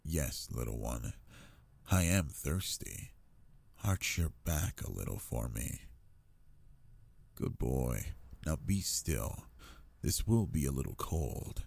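A man playing a gravelly, deep-voiced possessive alpha lover. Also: sing-song, slow pace, pauses often, a little mellow, heavily acted. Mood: teasing. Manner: teasing, low and intimate. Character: possessive, doting adult male alpha lover. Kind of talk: intimate audio role-play.

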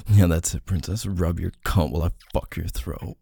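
A man performing an intimate adult audio role-play in a dominant, teasing way, with soft moans and whispered asides. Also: deep voice, lively intonation, a little slow, vocal fry, husky, no room sound, clean studio sound.

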